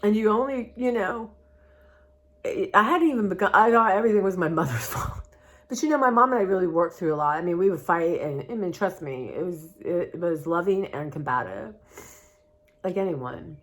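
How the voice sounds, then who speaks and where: A woman's voice: fairly low pitch, animated, moderate pace. A woman talking candidly in a personal vlog, rambling and heartfelt in a confiding way. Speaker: vlogger.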